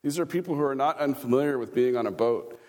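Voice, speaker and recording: Pastor preaching in a reverberant church. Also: male voice, medium pitch, fast, darkish tone. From Kansas. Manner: conversational, chuckling asides, audience questions. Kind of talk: sermon. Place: church sanctuary.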